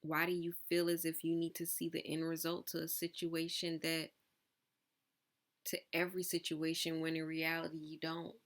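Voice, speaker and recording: A woman with a low-pitched voice gives a collective tarot reading. She fires off probing, searching questions at her listeners, then breaks off for loose, casual asides. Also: monotone, normal speed. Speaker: tarot reader.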